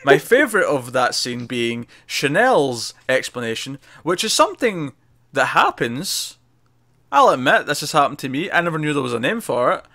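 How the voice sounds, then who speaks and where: A man's voice: a little high, moderate pace. Chatty man co-hosting a TV review. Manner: animated retelling, laughs often. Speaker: TV review podcast co-host. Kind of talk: casual recap and review chat.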